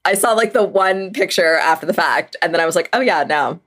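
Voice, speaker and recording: A woman co-hosting a podcast in casual chat, playful, her voice jumping high when she is amused. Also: brisk, a bit bright. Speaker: podcast co-host.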